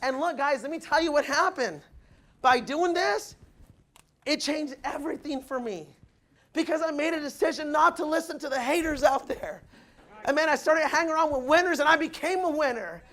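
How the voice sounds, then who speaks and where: A man giving a loud, punchy motivational speech to new recruits, asking the crowd if they follow him, with the audience answering back. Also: extremely high pitch, moderate pace. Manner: acts out quoted people in changed voices. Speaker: motivational speaker at recruit orientation. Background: audience responding.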